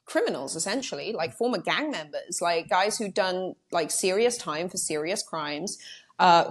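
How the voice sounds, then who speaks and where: Woman guest, young adult, UK-born, low-pitched, casual and talky. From United Kingdom. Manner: chatty, many fillers, quick animated asides. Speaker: journalist guest. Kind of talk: casual interview chat.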